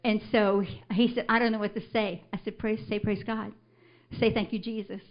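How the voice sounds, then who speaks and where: An older woman, a grandmother, telling a congregation her testimony, animated and breaking into loud declarations of scripture. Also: medium pitch, moderate pace, highs cut off. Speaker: church member giving a testimony. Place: church service.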